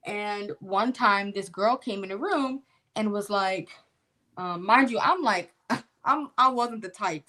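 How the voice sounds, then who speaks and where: A young woman telling a personal testimony story in a casual, animated, expressive way. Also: mid-range voice, slow pace.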